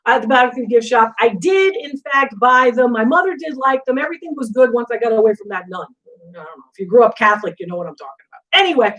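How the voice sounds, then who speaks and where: A middle-aged woman hosting a live antiques Q&A, chatting casually and telling animated stories full of asides. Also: a little high, fast, highs cut off. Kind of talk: casual live-stream chat.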